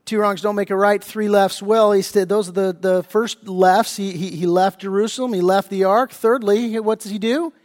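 High-voiced pastor preaching with hall reverb. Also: male voice, moderate pace, hardly any pauses. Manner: animated storytelling, acting out his family's voices. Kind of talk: sermon. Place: church sanctuary.

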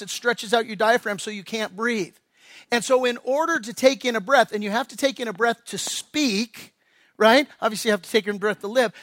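A male pastor preaching a sermon, swinging between loud, emphatic lines and hushed, slow appeals. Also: high voice, no echo. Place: church.

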